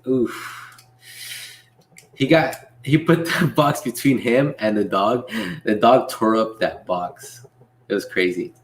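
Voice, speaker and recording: Laid-back young man chatting on stream. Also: mid-range voice. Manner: laid-back, reads chat aloud, laughs often. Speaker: livestream host and delivery driver. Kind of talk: casual livestream Q&A reading chat.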